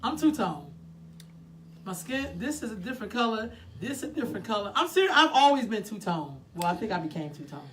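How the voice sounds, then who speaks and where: A blunt woman hosts a casual chat show with her co-hosts. She swears freely and often breaks into laughter. Her voice sits at a middle pitch for a woman. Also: big pitch swings, a little fast, music in the background. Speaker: show host.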